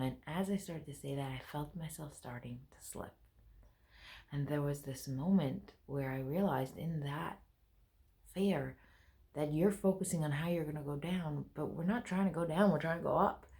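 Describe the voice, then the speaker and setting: Low gravelly woman giving motivational talk. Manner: earnest and animated, with frequent sighs and self-corrections. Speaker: host of a motivational video series. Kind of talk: casual motivational talk to camera.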